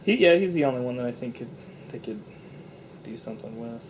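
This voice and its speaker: A man's voice: mid-range voice, animated, a little fast, slight background noise. Profane young man chatting about movies. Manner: loose, profane, laughing asides. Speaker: movie review co-host. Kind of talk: casual chat.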